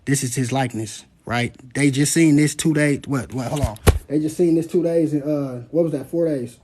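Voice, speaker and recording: A man gives animated, profane commentary, breaking into loud, dramatic scripture readings. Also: on the high side, normal speed, background noise.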